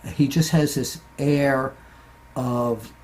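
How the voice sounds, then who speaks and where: A man hosting a casual interview, prompting his guest and speaking haltingly. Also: mid-range voice, steady tone, darkish tone. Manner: brief encouraging interjections, halting. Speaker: interviewer, host.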